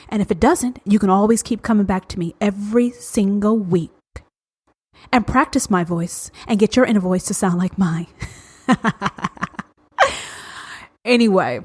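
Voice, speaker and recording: A woman hosting a podcast, talking straight at the listener in a blunt, confrontational, heavily profane monologue, slowing down to stretch out the words she wants to land. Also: medium pitch. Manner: slows to drawn-out emphasis on key words. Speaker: podcast host.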